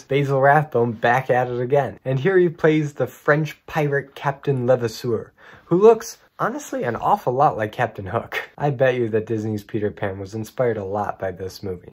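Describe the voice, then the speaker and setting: A man with a mid-range voice hosts a casual movie review. He talks with eager, opinionated enthusiasm and drops playful joking asides. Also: medium pitch.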